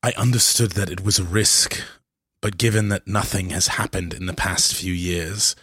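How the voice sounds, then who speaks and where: Man voicing an insistent peace envoy, deep bright voice, dry sound, tabletop game. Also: fairly even intonation, normal speed, breathy edge, dry recording. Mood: earnest. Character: determined male envoy set on keeping peace.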